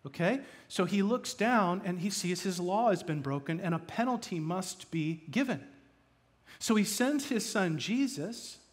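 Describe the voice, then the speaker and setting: A man preaching a sermon as pastor, shifting from loud emphatic bursts to hushed asides. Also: high voice. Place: church.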